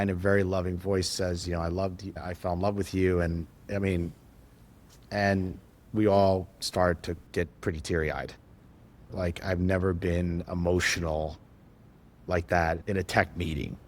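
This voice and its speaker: A man, a tech entrepreneur, speaking as a podcast guest, telling stories with lively acted-out quotes and frequent restarts. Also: sits low. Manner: animated, acts out quoted dialogue, frequent restarts. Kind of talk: conversational storytelling.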